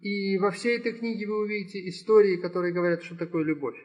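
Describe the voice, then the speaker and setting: A man interpreting a talk phrase by phrase, quick and with small restarts. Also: sits high, a little mellow. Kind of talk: consecutive translation of a talk.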